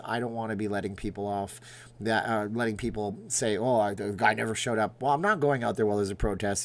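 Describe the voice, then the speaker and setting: A man's voice: fairly low pitch, a little hiss or hum. A middle-aged man hosting a casual livestream from Las Vegas, chatting sarcastically and answering viewers' questions. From Las Vegas, Nevada. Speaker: livestream host.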